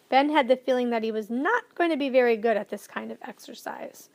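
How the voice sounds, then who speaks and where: A woman narrating a children's storybook in a gentle, measured reading. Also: fairly high pitch.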